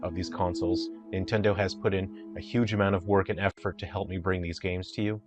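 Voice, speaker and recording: A man who develops indie games, giving an earnest, unhurried, plain-spoken video update. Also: low-pitched, flat delivery, over music.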